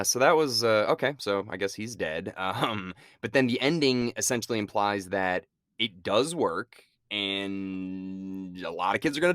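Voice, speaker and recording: Lively young man chatting casually. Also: on the low side, dry recording, studio quality. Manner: animated, swears and laughs often. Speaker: podcast co-host. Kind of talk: casual movie review chat.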